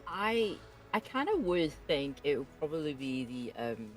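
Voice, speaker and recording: A man playing a tabletop game, eager and quick to jump in. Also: on the high side, sing-song, poor audio. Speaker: player. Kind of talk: casual tabletop play. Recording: faint music behind.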